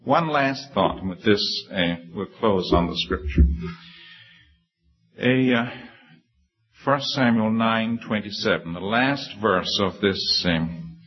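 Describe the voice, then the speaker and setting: A man with a low, husky voice preaches earnestly and humbly, stumbling through restarts before rising to emphatic peaks. The sound is dull and lo-fi, like an old sermon tape. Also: takes it slowly. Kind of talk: sermon with personal story.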